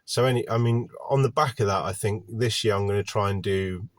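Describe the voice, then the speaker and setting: With a low-leaning voice that moves a little quickly, an English gardener on the mend from a cold rants to his camera. He's sitting in his van near a park, and the dry recording catches his gloomy, honest, drifting chatter.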